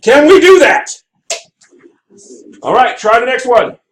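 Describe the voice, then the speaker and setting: Speaking in a very high voice and taking it slowly, a man delivers a math lecture over slight background noise on a low-quality recording. He works through graphs aloud, animated, checking in with his students and asking them to confirm.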